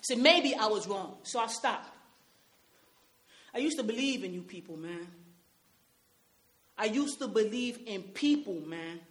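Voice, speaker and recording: A woman's voice: medium pitch, animated, a little slow, pauses often, close to an everyday voice. A woman playing a tough young Nuyorican man. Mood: bitter. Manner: tough, confrontational street talk mixed with Spanish. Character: streetwise young Puerto Rican man from Brooklyn, hardened and bitter. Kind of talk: dramatic monologue.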